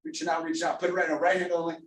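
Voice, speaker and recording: A man's voice: on the high side, little pitch movement, racing, fairly bright tone, echoey room, recorded from a distance, a little hiss or hum, low-quality recording. A man leading a live online workout class as coach, upbeat and encouraging, calling out names and counting down reps. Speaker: fitness coach.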